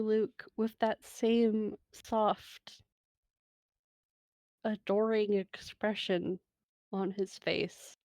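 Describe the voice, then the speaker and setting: A woman runs a tabletop game, narrating in a soft, emotional, unhurried way and laughing now and then. Her voice sits at a middle pitch and is recorded close and dry. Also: fairly even intonation, no echo. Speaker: game master.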